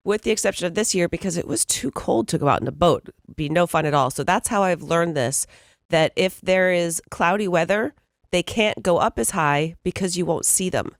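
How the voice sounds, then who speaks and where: A woman co-hosting a radio morning show, chatting in a calm, matter-of-fact way on a studio microphone. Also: on the low side, moderate pace, no echo. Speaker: radio co-host. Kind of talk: casual on-air banter.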